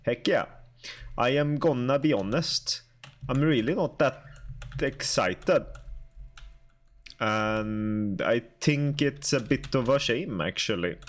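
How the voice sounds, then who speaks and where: A young man streaming and chatting casually with his viewers, halting and talkative as he answers chat aloud. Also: medium pitch, animated.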